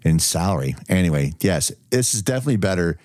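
A man co-hosting a casual movie review podcast, animated and profane, laughing often. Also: low voice, fast talker, no room sound, clean studio sound. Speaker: podcast co-host.

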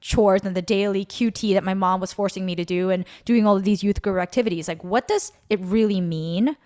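With a warm, medium-pitched voice at a fairly quick pace, a woman from Korea recounts a personal story as a podcast co-host. It's a casual testimony chat, chatty and rambling, dotted with fillers and self-corrections.

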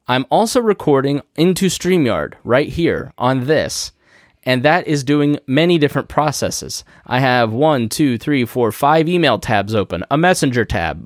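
A man's voice: mid-range voice, no room sound. Man explaining podcast gear, dry close sound. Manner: conversational, explains step by step with quick asides. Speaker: podcast host. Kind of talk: casual instructional talk. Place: podcast studio. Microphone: studio podcast microphone through a mixer.

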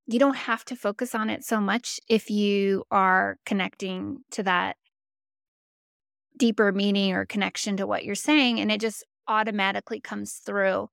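A woman hosts a podcast, musing aloud and posing questions in an easy, conversational way. Her voice is smooth and resonant but has a gravelly fry at the edges, and it is recorded dry and close. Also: medium pitch, fairly bright tone, no echo. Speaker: podcast host. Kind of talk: podcast interview.

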